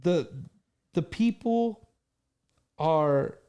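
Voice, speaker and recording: A man's voice: a little high, lively intonation, drawn-out words, mellow, clean tone. A man hosting an interview, talking casually with frequent stammers and restarts, openly a fan of his guest. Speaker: interview host.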